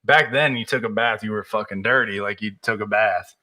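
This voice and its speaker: A man's voice: fairly low pitch, brisk, pushed and bright. A young man co-hosting a podcast, chatting casually and retelling a story from his notes in a joking, profane way. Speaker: podcast co-host. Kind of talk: casual crude chat.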